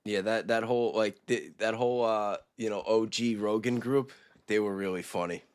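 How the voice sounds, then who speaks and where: A man's voice: on the low side, normal speed, darkish tone, smooth, dry recording, studio quality. A man co-hosting a casual live stream, rambling through stories with frequent laughs and restarts. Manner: rambling, laughs often, restarts mid-sentence. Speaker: stream co-host. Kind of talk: casual chat.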